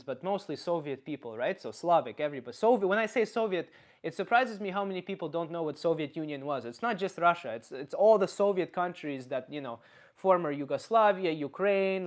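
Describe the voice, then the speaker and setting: Profane, rambling streamer man. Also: on the high side. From Canada. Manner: rambling, profane, reads chat aloud. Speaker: comedian streamer. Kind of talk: casual live stream chat.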